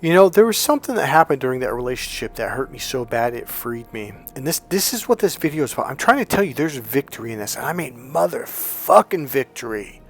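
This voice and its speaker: Guy venting his story, blunt and swearing a lot, soft music in the back. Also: mid-range voice, big pitch swings, fast talker, few pauses. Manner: blunt, profane, emphatic. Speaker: dating coach. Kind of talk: casual storytelling monologue.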